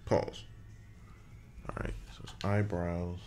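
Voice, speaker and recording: A man's voice: low voice, flat delivery, slow, darkish tone, soft background music. A man casually narrating as he builds a wrestler in a video game, often muttering to himself and swearing now and then. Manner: muttering to himself while working, mild swearing. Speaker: gaming creator.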